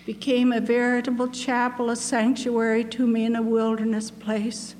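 A woman's voice: a little high, monotone, a little mellow, a little hiss or hum. Older woman preaching in an echoing hall. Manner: earnest storytelling, slows for emphasis. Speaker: missionary speaker. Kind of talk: testimony sermon. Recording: long echo of a large hall.

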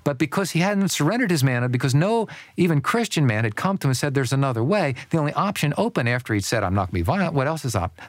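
A man's voice: a little high, fast talker, dry recording. An older man telling stories as a Christian speaker on men and marriage, acting out the people he quotes. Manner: animated storyteller who acts out voices. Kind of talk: storytelling guest talk.

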